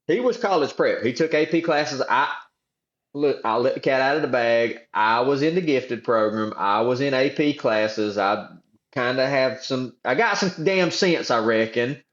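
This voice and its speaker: A man's voice: medium pitch, expressive, moderate pace, roomy sound, dull audio. A man in his forties with a South Georgia Southern accent, telling folksy stories as a podcast guest in casual chat. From South Georgia, USA. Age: 40s. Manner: folksy storytelling, drawling slang.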